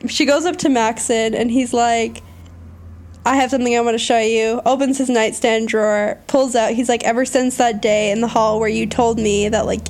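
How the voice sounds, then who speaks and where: A young woman recaps a book to a friend in loose, animated chat, her voice sitting a bit high. She piles on fillers as the story runs on. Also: moderate pace. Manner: animated storytelling with many likes. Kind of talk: casual chat.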